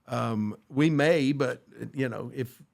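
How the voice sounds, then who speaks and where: A man's voice: medium pitch, takes it slowly, creaky. A man co-hosting a church podcast, talking earnestly about friendship and quoting scripture, with frequent restarts. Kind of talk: casual faith discussion.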